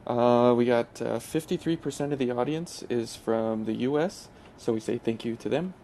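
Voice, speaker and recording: A man hosts his gaming channel, chatting through gameplay in a loose, hesitant way full of pauses and restarts. His voice is mellow and relaxed at a middling pitch. A faint hiss sits under the recording. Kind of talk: casual gameplay commentary.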